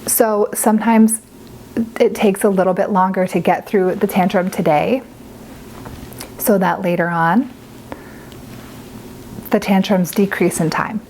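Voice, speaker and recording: A woman's voice: mid-range voice, steady tone, a little slow, long pauses, a little mellow, a little hiss or hum, poor audio. A young adult woman giving casual, earnest parenting advice to camera, chatty and full of filler words. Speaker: parent vlogger.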